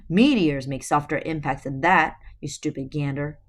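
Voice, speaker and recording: A woman reading aloud and voicing a short, stout, elderly woman who is bossy and gruff, with a raspy voice. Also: low voice, moderate pace. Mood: scolding. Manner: scolding, blunt.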